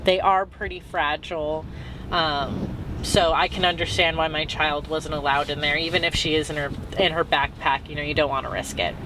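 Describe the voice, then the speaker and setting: A woman's voice: sits low, fairly even intonation, normal speed, noisy background. A woman recapping her travels in a casual, rambling way, full of "um"s and "like"s. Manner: chatty and rambling, with many "um"s and "like"s. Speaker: travel vlogger.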